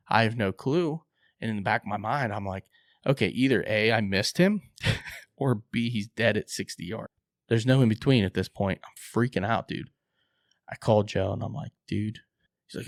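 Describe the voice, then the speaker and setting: A man co-hosting a podcast, excitedly telling a hunting story, acting out his own quotes and swearing casually. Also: lowish voice, brisk, gravelly, dry recording, studio quality.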